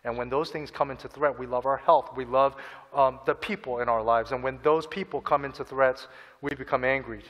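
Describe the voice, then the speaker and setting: A man's voice: medium pitch, fairly even intonation, a little fast, long reverb tail, dull audio. A man preaching a sermon in earnest, acting out people's inner voices and repeating phrases for emphasis. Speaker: pastor.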